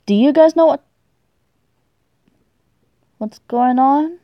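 A young woman commentating on her game play, excitable and swearing a lot, shrieking when startled. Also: high voice, extremely slow, pauses often, no room sound, dull audio. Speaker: gaming YouTuber.

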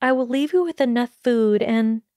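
A woman's voice: on the high side, normal speed, mellow, no room sound, voice pushed up, close to an everyday voice. An earnest young witch speaks in a raised, hesitant voice, as a woman reads her in an audiobook. She sounds tense and unsure. The sound is dry and close, with no room around it. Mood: nervous.

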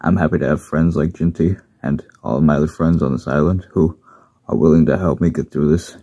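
Bert, a man voicing a deep, husky little engine. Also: fairly even intonation, a little fast, no room sound, heavily acted. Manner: soft-spoken, troubled, earnest. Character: small blue miniature male engine, gentle. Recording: dull lo-fi recording.

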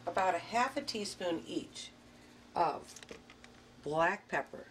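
A woman hosting a cooking show, narrating a spoof romance and explaining a recipe with a deadpan, tongue-in-cheek manner. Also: fairly low pitch, takes it slowly, a little hiss or hum. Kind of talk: mock-dramatic romance narration and cooking demonstration. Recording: distant mic with music behind.

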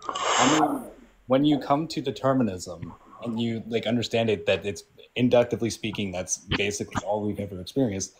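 A man's voice: on the low side, brisk, noisy background. A man calling in to a casual debate, patiently explaining and often checking "right?".

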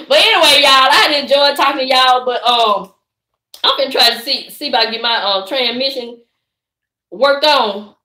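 A middle-aged woman with a Southern accent, chatting live and preaching to her viewers in a lively, direct way. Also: high voice, normal speed, roomy sound. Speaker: vlogger. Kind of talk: casual live-stream chat.

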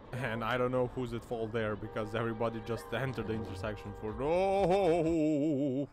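A man commenting on dashcam clips in a casual, mocking way, laughing often and shouting out now and then. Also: on the low side. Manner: mocking, laughs often, sudden loud exclamations.

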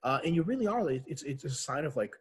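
Husky, animated man swearing freely. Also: a little high, a little fast. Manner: animated, profane, jokey. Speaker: podcast guest, doctor. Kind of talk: casual podcast chat.

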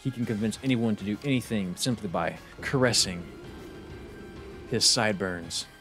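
A man giving casual, profane and excitable commentary while streaming a video game, often restarting his sentences. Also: fairly low pitch, moderate pace, faint music behind. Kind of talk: casual let's-play commentary.

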